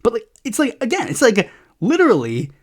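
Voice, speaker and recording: Animated, rambling podcast host. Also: mid-range voice. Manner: rambling, profane, sarcastic, with many fillers; acts out other people's lines in quick put-on voices. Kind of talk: casual political commentary.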